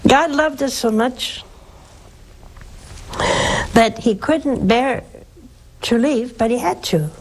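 A woman, a nun hosting a religious call-in show, teaching slowly and emphatically with rhetorical questions. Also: a little high, low-quality recording. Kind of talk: devotional teaching and call-in advice.

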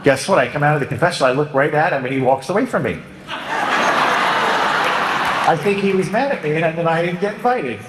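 Joking priest in an echoey hall. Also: male voice, on the high side, racing, heavy background noise. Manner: joking, animated, mimics penitents. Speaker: Catholic priest. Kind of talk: humorous homily. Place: church.

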